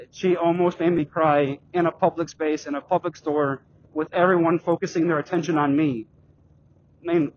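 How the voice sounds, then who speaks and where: A middle-aged man vlogging while riding a bike, telling a personal story in a halting, rambling way with many restarts and fillers. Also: on the high side, lo-fi sound. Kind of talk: casual storytelling vlog. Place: outdoors on a bike.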